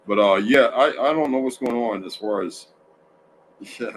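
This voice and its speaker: A man's voice: medium pitch, normal speed, a little hiss or hum, poor audio. A man hosting a casual livestream from home, tired and yawning, talking in a rambling way with many restarts and asides to chat. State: sleepy, yawning. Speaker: livestream host.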